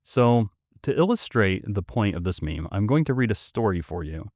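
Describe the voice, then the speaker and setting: A man's voice: fairly low pitch, expressive, moderate pace, darkish tone, no room sound, studio quality. A man hosting a podcast, reading a story aloud with sardonic, mocking asides. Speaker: podcast host.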